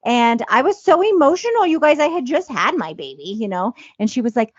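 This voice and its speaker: A woman in her thirties tells her story in a relaxed, heartfelt podcast chat, leaning on fillers as she goes. Her voice sits a little high. The recording is dry and a bit muffled. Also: a little fast, no echo. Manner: emotional, confessional, many fillers like "you know". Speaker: podcast co-host.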